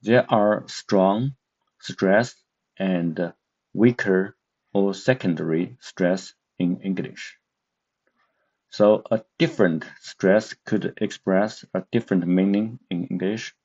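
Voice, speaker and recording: A man's voice: low voice, takes it slowly, a little mellow. A man teaching an online language lesson, speaking with many hesitant filler sounds. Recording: dull lo-fi sound.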